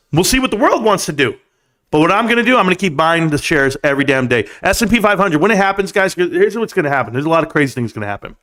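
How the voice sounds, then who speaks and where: A middle-aged man hosting a late-night stock livestream, brash and boastful, trash-talking and breaking into song. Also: sits high. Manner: bursts into singing and shouting. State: out of breath.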